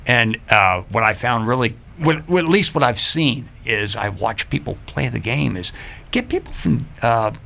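An older retired man, a guest on a radio talk show, telling stories in an animated way and acting out quoted voices. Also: medium pitch, normal speed, vocal fry. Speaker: radio guest, riddle writer. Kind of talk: casual radio interview chat.

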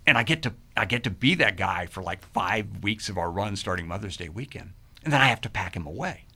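A middle-aged man, a podcast guest, telling animated stories and acting out quoted voices. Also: lowish voice, brisk. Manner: lively, acts out quoted voices. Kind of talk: animated storytelling.

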